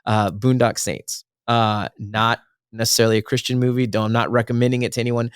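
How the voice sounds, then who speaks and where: On a casual faith podcast, a male co-host talks earnestly and ramblingly, correcting himself as he goes. His medium-pitched voice is clean, with little pitch movement and a slightly fast pace, recorded with studio quality and no echo.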